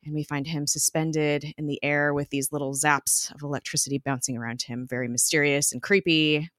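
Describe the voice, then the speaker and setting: A woman's voice: deep voice, steady tone, a little fast, a bit bright, no room sound, clean studio sound. A woman co-hosting a podcast, casually recapping a TV episode, chatty with lots of fillers and laughs. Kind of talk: casual chat.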